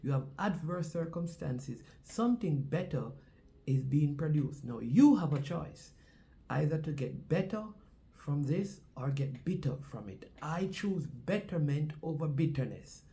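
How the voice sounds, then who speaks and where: Jamaican male sports host, warm mellow tone, preachy repetitive delivery. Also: on the high side, lively intonation, unhurried, gravelly. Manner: preacher-like cadence, repeats phrases for emphasis. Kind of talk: casual sports commentary with a sermon-like opening.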